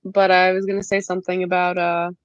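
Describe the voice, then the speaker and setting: A woman guest on a live stream who teases with light sarcasm. Her voice sits a little low, and the call audio sounds dull and lo-fi. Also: flat delivery, fast talker, dry recording. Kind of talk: casual chat.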